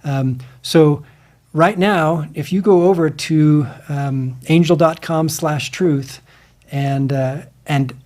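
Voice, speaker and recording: A man hosting a livestream in a casual, halting way, with many fillers and restarts. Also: fairly high pitch, a little mellow. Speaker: livestream host.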